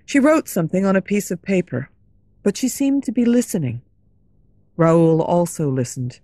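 Woman narrator, low pitch, lively melody, slow and careful, dry studio sound. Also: dry recording. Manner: slow, clear, expressive storytelling. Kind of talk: scripted story narration for English learners.

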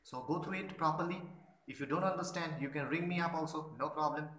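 A man's voice: on the high side, a little fast, fairly bright tone, slight background noise. A male literature teacher in a conversational lecture, paraphrasing each line of the play in plain words. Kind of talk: explanatory lecture. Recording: roomy echo.

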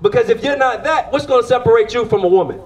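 A man's voice: very high voice, fast talker. A man preaching outdoors on a street, firing rhetorical questions at the crowd and pulling them into call-and-response.

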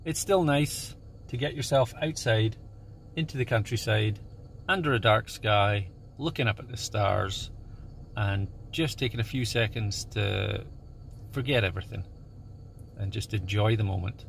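Creaky-voiced man chatting outdoors. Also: lowish voice, a little slow, a little hiss or hum. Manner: relaxed, chatty, with many fillers. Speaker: landscape photographer. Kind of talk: casual instructional vlog. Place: outdoors at a small airport at dawn, breezy.

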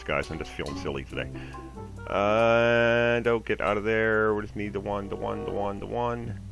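A Canadian man hosting a let's play, giving rambling, excitable commentary as he plays. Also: fairly low pitch, moderate pace, gravelly, over music. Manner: rambling, excitable, talks to himself. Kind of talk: casual gameplay commentary.

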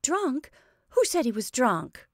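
Earnest young woman, pleading, breathless, raised pitch, read by a woman. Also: normal speed, mellow, dry recording, studio quality. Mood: pleading, upset.

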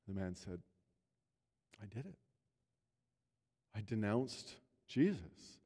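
Male pastor, sermon delivery, mellow tone, earnest storyteller whose voice rises and falls, church hall reverb. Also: on the low side, sing-song, slow pace, long pauses, husky. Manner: earnest storytelling, voice swells and drops. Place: church sanctuary.

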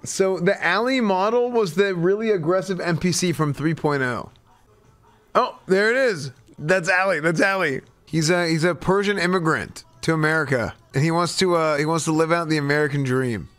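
A man streaming a role-play game, talking in quick, amused, casual commentary. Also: on the high side, fairly bright tone, soft background music.

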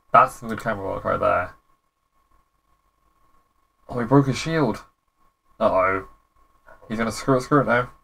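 A young man giving casual, rambling commentary as a gaming YouTuber, with relaxed, slangy reactions. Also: fairly low pitch, gravelly.

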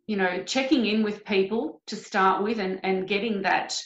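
A woman's voice: mid-range voice, normal speed. An Australian woman hosting a podcast interview as a coach, earnest and reflective, speaking in long flowing sentences. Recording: roomy, dull lo-fi audio.

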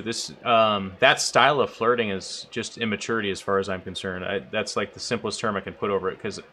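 Bright-voiced young man, reflective. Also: fairly low pitch. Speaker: podcast co-host. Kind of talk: casual chat.

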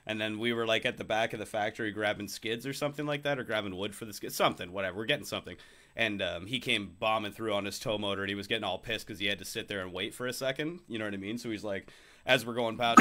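A young man co-hosting a podcast, telling crude, animated stories and mocking people with put-on voices. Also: fairly low pitch, quick pace. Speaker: podcast co-host. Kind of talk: casual chat.

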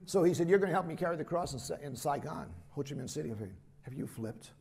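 An older man, a missionary preacher, telling lively stories in a sermon and acting out the voices of the people in them. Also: fairly high pitch, racing, gravelly. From United States. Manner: animated anecdotes, voices quotes, laughs at himself. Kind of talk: storytelling sermon. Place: church hall.

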